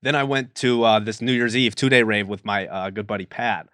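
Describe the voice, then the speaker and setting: A man's voice: on the low side, fairly quick, fairly bright tone, dry recording. Laid-back rambling male podcast guest. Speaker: podcast guest, reality show contestant. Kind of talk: casual chat.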